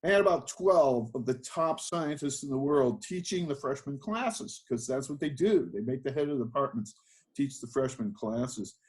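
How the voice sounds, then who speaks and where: A man's voice: medium pitch, lively intonation, normal speed. An older man, a winemaker being interviewed, telling his life story in a rambling, self-deprecating way with many fillers and restarts. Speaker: guest, winemaker.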